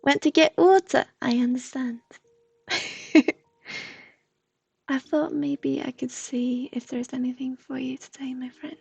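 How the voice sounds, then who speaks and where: A woman giving a gentle, half-whispered livestream psychic reading. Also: high voice, flat delivery, slow, creaky, long pauses, breathy edge, dry recording, highs cut off. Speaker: intuitive reader.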